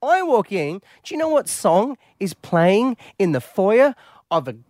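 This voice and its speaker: A man's voice: sits high, unhurried, no room sound, studio quality. A man co-hosting breakfast radio, telling jokey stories. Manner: animated, jokey storytelling. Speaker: radio co-host. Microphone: studio microphone.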